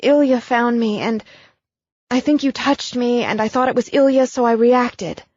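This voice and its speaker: A woman reader voicing a frightened, earnest young woman who speaks high and breathless. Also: normal speed, a little mellow, dry recording, muffled recording, natural voice. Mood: apologetic.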